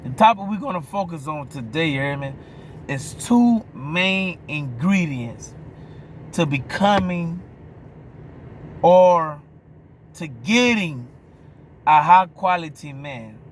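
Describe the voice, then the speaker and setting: A man's voice: a little high, lively intonation, slow pace, long pauses, a little hiss or hum. A man with a New Orleans accent giving a blunt, profane opinion monologue, often stopping to ask if you hear him. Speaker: vlogger.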